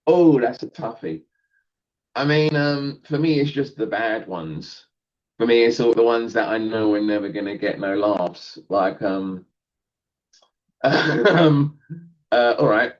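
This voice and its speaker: A man's voice: mid-range voice, a little slow, highs cut off. A male comedian talking casually in a podcast interview, rambling and self-deprecating, laughing often. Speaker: guest comedian.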